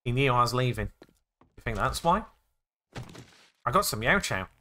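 A young man playing a zombie game, excitable and jokey, narrating his actions with "I said". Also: mid-range voice, unhurried. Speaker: gaming YouTuber.

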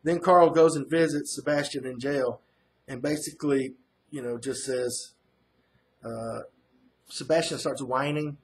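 A comic reviewer speaks unhurriedly at medium pitch, keeping his intonation fairly even and pausing often. He recaps the issue casually, wandering through the story with plenty of fillers and restarts.

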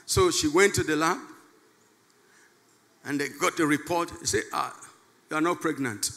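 A Nigerian man preaching in church as pastor, moving from soft storytelling to shouted, chanted prayer. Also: a little high, normal speed, creaky, big-room sound. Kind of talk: sermon. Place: church service.

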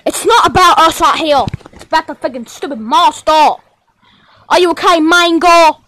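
A woman improvising a rowdy play-acted scene in many voices, shouting out and hurling insults. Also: extremely high pitch, a little slow.

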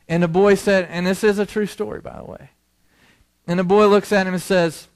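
A man telling a story in a chapel sermon in a casual, conversational way, acting out the people in it and dropping soft and low for serious points. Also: steady tone, fairly quick. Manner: casual, conversational, uses slang like "man" and "cool". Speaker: chapel speaker.

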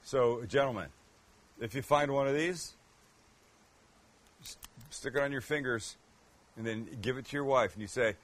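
A man's voice: mid-range voice, normal speed, pauses often. A man hosting a cooking show, chatting casually and joking with self-mocking asides as he cooks. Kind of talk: casual cooking demo chat.

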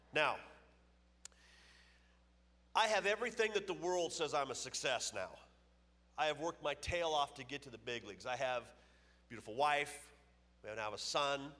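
A man's voice: medium pitch, fairly bright tone. A man in his fifties giving a personal testimony as a guest speaker at a church, telling his story emphatically and acting out the dialogue. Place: church auditorium. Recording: long reverb of a church hall.

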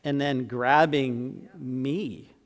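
A man in his sixties preaching a sermon as pastor, earnest, swinging from emphatic to soft and tender. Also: mid-range voice, steady tone, extremely slow. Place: church sanctuary. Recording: long church reverb.

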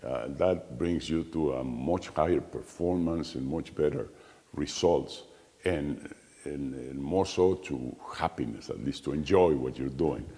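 Deep-voiced man. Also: dark tone. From Mexico. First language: Spanish. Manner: deliberate, halting with frequent fillers. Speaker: show host. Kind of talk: interview conversation. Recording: long reverb in the room.

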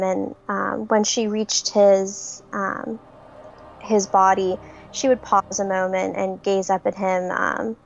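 A young woman describing her character's actions in a tabletop game, slow and hesitant with many pauses. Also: medium pitch, creaky, muffled recording. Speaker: player.

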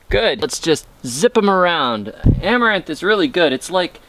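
A man talks through a casual gardening vlog while planting seeds in an outdoor garden. His voice sits a bit high and swings widely in pitch. He comes across as chatty, goofy and upbeat. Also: big pitch swings, a little slow, fairly bright tone. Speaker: gardening YouTuber.

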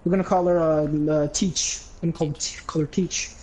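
A man's voice: on the high side, steady tone, fairly quick, a little mellow, poor audio. A man in his twenties casually telling a rambling, profane story while gaming, laughing as he goes. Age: 20s. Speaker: streamer.

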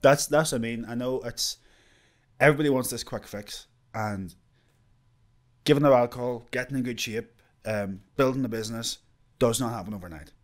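A man's voice: mid-range voice, normal speed. A man co-hosting a casual podcast, talking in an easygoing, reflective way with frequent laughs. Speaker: podcast co-host. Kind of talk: casual chat.

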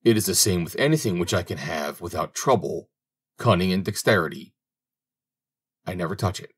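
A man's voice: sits low, animated, moderate pace, slightly rough. A man voicing a grown son who has become a master thief, speaking in a self-assured way in a storybook audiobook. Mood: confident. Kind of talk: audiobook reading.

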